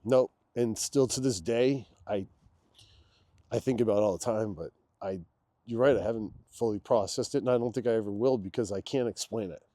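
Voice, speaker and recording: A man guesting on a podcast, telling a personal story in a loose, candid way, dropping to a hush when he quotes someone. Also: fairly low pitch, brisk, no room sound, studio quality. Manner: loose and candid, drops into a hushed voice when quoting. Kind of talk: casual conversational storytelling.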